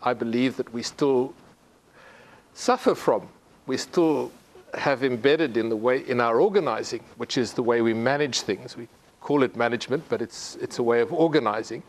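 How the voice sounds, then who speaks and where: A middle-aged man from Africa, giving a conversational lecture full of halting restarts. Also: medium pitch. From South Africa. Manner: halting, frequent restarts and repeated words. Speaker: university presenter.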